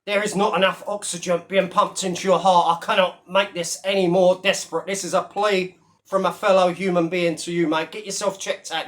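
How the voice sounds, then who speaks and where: A man ranting to camera in a blunt, mocking way. His voice sits high for a man, and he is slightly out of breath after a workout. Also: a bit bright. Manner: blunt, mocking, addresses viewers as mate. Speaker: vlogger. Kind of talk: casual talking-to-camera rant.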